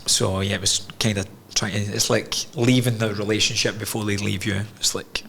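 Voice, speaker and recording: A man's voice: fairly low pitch, steady tone, moderate pace, gravelly, a bit bright, slight background noise. A Scottish man in a candid podcast conversation, telling a personal story in an earnest, reflective way and swearing freely. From Scotland. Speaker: podcast guest.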